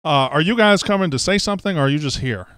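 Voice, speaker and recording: Man, show host, teasing, rambling, smooth voice, dry close sound. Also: a little high, lively intonation, fast, fairly bright tone, no echo. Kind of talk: casual show chat. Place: studio office.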